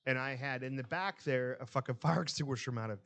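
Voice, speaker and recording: Brisk and mid-range in pitch, this man co-hosts a casual podcast where he tells stories laced with swearing. He's an animated, profane narrator who acts out what others said.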